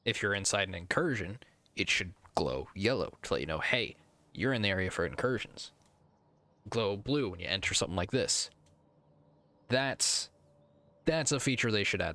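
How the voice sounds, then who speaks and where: A man's voice: on the low side, pushed and bright. An American man streaming a game, rambling and thinking aloud in casual commentary. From United States.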